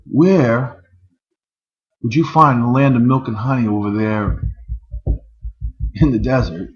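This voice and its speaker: A man rants into the camera in an angry, profane vlog, firing off one rhetorical question after another. His voice sits at an everyday middle pitch. The recording sounds slightly dull and lo-fi. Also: slow, long pauses, darkish tone. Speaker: vlogger.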